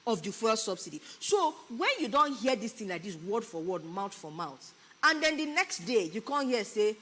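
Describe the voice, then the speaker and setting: A woman's voice: mid-range voice, big pitch swings, normal speed, a bit bright. Nigerian woman explaining the news conversationally. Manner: explanatory, conversational, with tag questions. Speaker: talk-show co-host. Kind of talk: casual Pidgin news discussion. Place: broadcast studio.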